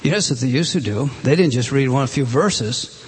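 Husky middle-aged man preaching. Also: medium pitch, animated, a little fast. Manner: earnest, exhorting preacher with frequent restarts. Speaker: pastor. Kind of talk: sermon.

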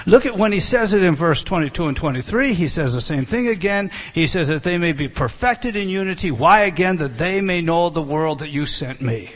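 A man's voice: a little high, lively intonation, a little fast, hardly any pauses. A man giving a verse-by-verse Bible lesson, emphatic, with chatty asides to his class. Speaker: Bible teacher.

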